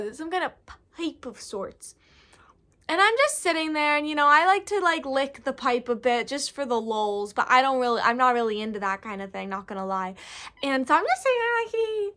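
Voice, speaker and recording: Young woman, high voice, vlogger, casual storytelling, rambling, goofy, slangy, lots of fillers. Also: fairly bright tone.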